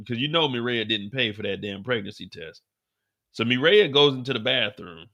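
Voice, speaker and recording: Gravelly, bright-voiced man recapping. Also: medium pitch, normal speed, no room sound. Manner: profane, animated storytelling. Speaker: show host. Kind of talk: casual live TV recap.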